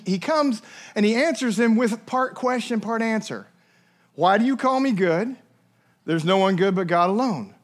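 A man delivers a sermon with lively energy. His voice sits high for a man, and he slips into little acted voices for the people he quotes. He keeps turning to his listeners with questions. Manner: animated preacher, acts out quoted voices, asks the listeners questions. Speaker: pastor.

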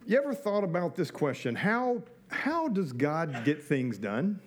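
A man's voice: a little high, sing-song, measured pace, a little hiss or hum. A man preaching a sermon in a conversational way, often asking his listeners questions. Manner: conversational, asks the audience questions. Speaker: pastor.

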